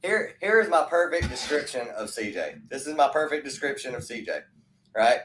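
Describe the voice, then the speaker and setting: A man hosting a casual chat, telling stories in an animated way with frequent laughs. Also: medium pitch, normal speed, a little hiss or hum. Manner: animated storytelling, laughs often. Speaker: host.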